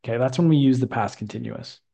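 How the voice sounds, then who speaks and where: Guy teaching english grammar, slow and careful, stretches out the key words. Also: mid-range voice, gravelly, warm tone, husky. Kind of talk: grammar lesson to a student.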